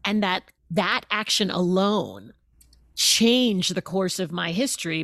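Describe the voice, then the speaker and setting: A woman interview guest talking in a conversational way, expressive and laughing as she speaks, acting out the words of others. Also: mid-range voice, dry recording, clean studio sound. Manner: expressive, laughs as she talks, acts out quotes.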